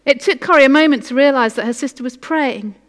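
Woman preacher, earnest and encouraging, slightly high voice, echoey hall. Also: fast talker. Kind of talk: sermon with a story read aloud.

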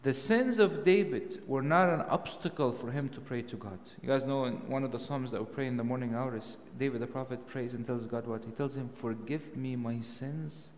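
A man preaching a sermon, emphatic and full of rhetorical questions, his voice rising to loud peaks. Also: mid-range voice, a little fast, hardly any pauses, long reverb tail.

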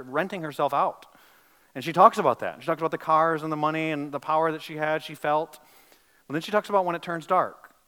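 Bright-voiced man preaching. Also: on the high side, rough recording. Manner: swings between loud emphatic preaching and hushed storytelling; asks the congregation direct questions. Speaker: pastor. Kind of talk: sermon.

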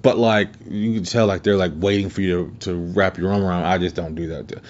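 A man's voice: deep voice, fairly even intonation, brisk, darkish tone. A man hosting a podcast, telling a story in a casual, rambling, profane way with plenty of restarts. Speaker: podcast host. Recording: muffled lo-fi recording.

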